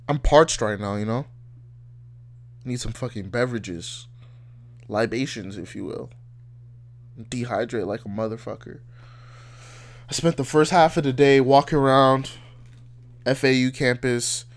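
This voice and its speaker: A man's voice: mid-range voice, unhurried, pauses often. A man in his twenties hosting a podcast, ranting casually in a blunt, heated, profane way. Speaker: podcast host. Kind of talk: casual rant.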